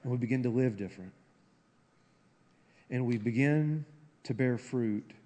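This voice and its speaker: Southern male pastor, slow deliberate sermon delivery, big reverberant sanctuary. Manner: swings from loud high preaching to low soft intensity. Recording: long hall reverb.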